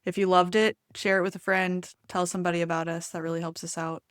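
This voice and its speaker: A woman co-host chatting casually on a podcast, upbeat and quick to laugh. Her voice sits fairly low and the recording is dry and close. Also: flat delivery, dry recording. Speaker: podcast co-host and enneagram coach. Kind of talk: casual chat.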